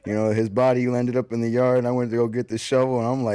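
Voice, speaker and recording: A man in his twenties co-hosting a casual podcast, telling a story in a relaxed, drawling way with plenty of casual slang. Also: medium pitch, fast talker, hardly any pauses, clean tone, no echo, studio quality. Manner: laid-back, drawling, says man a lot. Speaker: podcast co-host.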